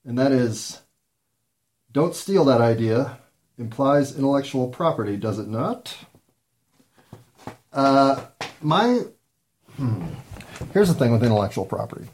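A man hosting a solo talk show, rambling through jokes and musings with many ums and pauses while high. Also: expressive, a little mellow, slight background noise. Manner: meandering, joking asides, frequent ums and pauses. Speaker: podcast host.

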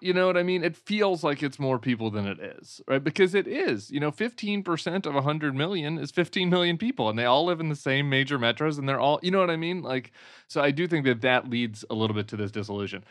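A man co-hosting a podcast in casual political chat, relaxed and conversational, thinking aloud. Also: a little high, fast, no echo, clean studio sound. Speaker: podcast co-host.

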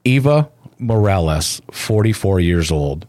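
Deep-voiced man reading somber news. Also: expressive, unhurried, a little mellow, no room sound. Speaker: news narrator.

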